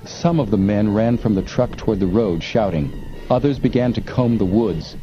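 A man reading an adventure novel aloud in measured, suspenseful narration. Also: fairly low pitch. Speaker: audiobook narrator. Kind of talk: scripted narration. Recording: muffled lo-fi with faint hiss.

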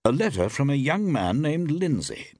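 A man's voice: mid-range voice, sing-song, moderate pace, a little mellow, husky, dry recording, studio quality, pitched above the performer's own voice. A man reading an audiobook voices a mild, polite, amused male novelist-detective. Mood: genial.

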